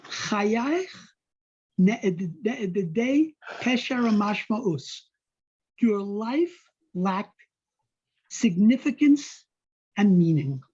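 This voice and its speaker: A man leads a text-study class. He reads a Hebrew phrase, then translates it in a slow, mellow, husky voice. The recording is dull and lo-fi. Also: sits high, sing-song. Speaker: Torah study teacher.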